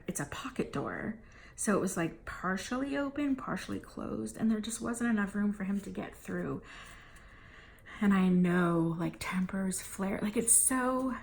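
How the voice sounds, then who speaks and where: Exasperated woman venting a family story. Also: mid-range voice. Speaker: vlogger. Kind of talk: casual storytelling rant to camera.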